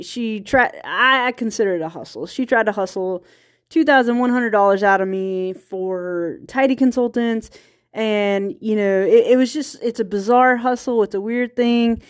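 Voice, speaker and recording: A woman's voice: mid-range voice, dry recording, clean studio sound. A woman from small-town Virginia with a rural Virginia accent, hosting a casual solo podcast and rambling through her thoughts with frequent restarts and laughs. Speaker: podcast host.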